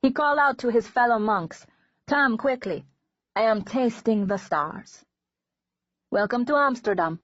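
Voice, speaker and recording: A tall young waiter with a playful, flourishing manner, as a woman reads him aloud in an audiobook. His voice sits higher than her narration and carries an eager lift. The recording is dry and a little dull. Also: sing-song, fast talker, gravelly, hardly any pauses, breathy edge, no echo, exaggerated voice. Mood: charming. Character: tall young male waiter, charming and theatrical.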